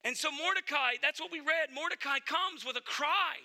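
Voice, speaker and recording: A man's voice: very high-pitched, moderate pace, sharp tone. A male pastor preaching a sermon in an earnest, emphatic way, speaking directly to his congregation.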